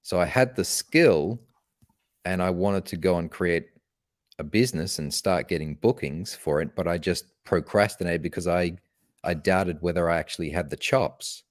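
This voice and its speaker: A man guesting on a podcast, talking about his path as a speaker in an earnest, measured way. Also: low voice, no echo, clean studio sound. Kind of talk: conversational interview.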